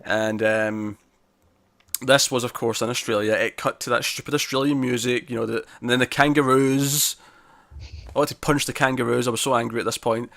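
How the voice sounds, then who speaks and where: A man co-hosting a casual TV review podcast, talking in an animated, exasperated way and swearing now and then. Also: medium pitch, normal speed, creaky, dry recording. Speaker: podcast co-host.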